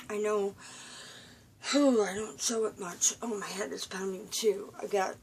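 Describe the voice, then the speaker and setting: A tired woman rambling in a personal vlog from a room at home, halting and confiding, full of fillers and restarts. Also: medium pitch, steady tone, slight background noise. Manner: weary, confiding. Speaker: vlogger.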